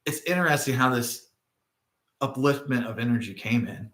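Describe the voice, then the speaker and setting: Middle-aged guy rambling on camera, keeps tossing in "right?", mid-pitched voice, echoey room. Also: animated, normal speed, a bit bright. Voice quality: frequent tag questions, digressive storytelling. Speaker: spiritual video host. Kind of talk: casual rambling monologue. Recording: roomy echo.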